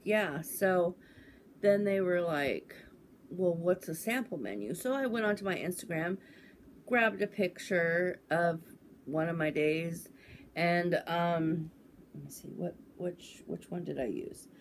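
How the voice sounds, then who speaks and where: A woman's voice: fairly low pitch, slow, slight background noise. A woman in her forties, talking casually and indignantly on her vlog, with lots of fillers. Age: 40s. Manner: indignant, chatty, many fillers. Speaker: vlogger.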